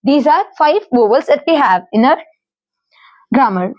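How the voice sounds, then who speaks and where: High-voiced Indian English woman teaching grammar. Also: animated, brisk, darkish tone, dry recording. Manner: patient, spells out letters and lists word forms. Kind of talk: explaining grammar rules.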